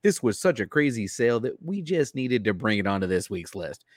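An upbeat man co-hosting a live show. His voice sits on the low side. The sound is dry and close to the mic. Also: big pitch swings, brisk, no echo. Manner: upbeat, reads collectible listings. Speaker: co-host. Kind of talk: casual live-stream chat.

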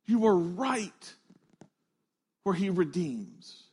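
A male pastor delivers a sermon in an earnest, emphatic way. His voice sits fairly high and he takes his time, stressing phrase after phrase. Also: big pitch swings, extremely slow, dark tone, husky.

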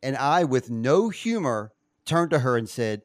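A man's voice: medium pitch, sing-song, unhurried, no room sound, clean studio sound. A man hosting a casual chat, playfully quizzing his co-hosts and laughing often. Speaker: podcast host quizzing co-hosts.

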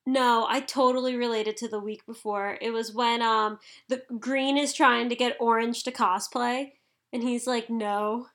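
A woman co-hosting a casual chat about anime, bubbly, excitable and quick to giggle. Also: fairly high pitch.

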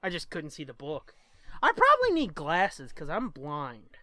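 A man's voice: a little high, huge pitch swings, measured pace, pushed and bright, dry recording. A man co-hosting a podcast in casual chat, joking and swearing freely, easily sidetracked. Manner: profane, joking, easily distracted. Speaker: podcast co-host.

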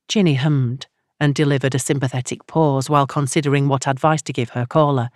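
A woman reading a novel aloud in a low voice, with a measured storytelling manner. The recording is close and dry, like a studio audiobook. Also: steady tone, darkish tone, no room sound. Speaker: audiobook narrator. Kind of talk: scripted narration.

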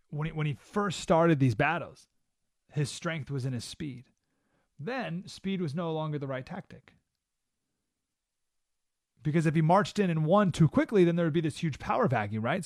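A man hosts a talk radio show from a studio, delivering an emphatic monologue packed with rhetorical questions and a constant "right?". His voice is a little high, with no room sound.

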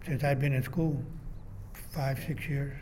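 An older man, a retired architectural designer, being interviewed for an oral history and telling rambling, animated stories from his career. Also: mid-range voice, a little slow, slight background noise. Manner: rambling, animated storyteller who acts out quoted dialogue.

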